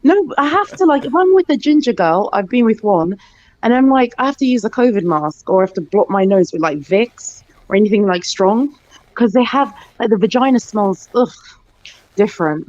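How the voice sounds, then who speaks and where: A woman's voice: mid-range voice, animated, moderate pace, darkish tone, muffled recording. A woman hosting a casual group chat on a stream, teasing and laughing often. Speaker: stream host.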